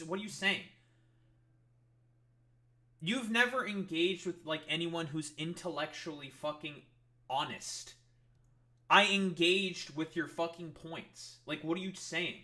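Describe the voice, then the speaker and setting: Man, streamer, fairly high voice, very sharp and forceful tone, profane sarcastic rant. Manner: profane, sarcastic, exasperated ranting. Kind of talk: heated livestream rant at chat.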